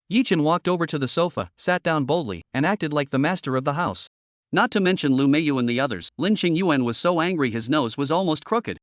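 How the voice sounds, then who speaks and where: Lively male recap narrator. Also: a little high, fairly quick, no echo, studio quality. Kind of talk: scripted narration.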